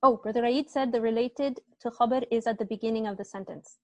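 A woman's voice: a little high, fairly even intonation, a little fast, dark tone, dry recording. A woman teaching an online Arabic grammar class, explaining step by step and often checking with students, with a slight cough.

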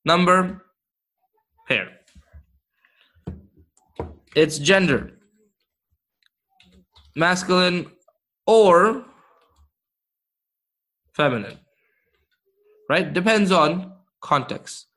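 A man's voice: high voice, expressive, sharp tone. A man teaching an interactive grammar lesson, quizzing his class and praising answers as he goes. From Canada. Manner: slow, encouraging, quizzes the class with quick praise. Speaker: Arabic teacher.

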